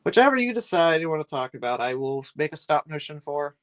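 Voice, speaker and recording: Chatty, animated streamer man. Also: fairly high pitch, a little fast, slight background noise. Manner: rambling, chatty, complains with a laugh. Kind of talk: live-stream chat while building.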